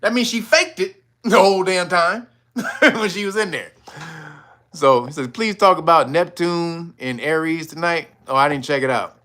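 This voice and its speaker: A man's voice: on the high side, moderate pace. A man hosting a casual livestream, talking loosely with a lot of swearing and frequent laughter. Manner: laughing often, animated, profane. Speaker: host.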